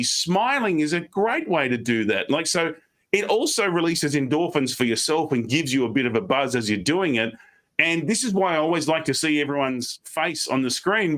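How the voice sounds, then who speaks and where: An Australian man giving online presentation tips on a video call, fast and animated, slipping into quick mock voices. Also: a little high. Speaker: guest speaker.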